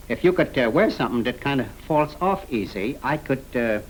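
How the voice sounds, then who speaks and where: A wisecracking con man in a clergyman's disguise, played by a man, talks in slangy patter full of "uh"s and stammers. His voice jumps up and down lively in a middle register, with a faint hiss behind it. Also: mid-range voice, normal speed, lightly acted, rough recording. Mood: scheming, jokey. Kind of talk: 1930s screwball film comedy.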